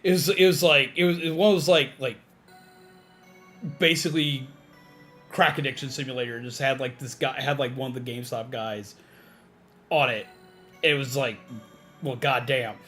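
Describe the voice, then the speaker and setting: A man's voice: medium pitch, fairly even intonation, moderate pace, pauses often, a bit bright, faint music behind. A man streaming a game, ranting in casual, profane talk with lots of fillers. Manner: rambling, profane, frequent fillers. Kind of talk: casual rambling stream chat.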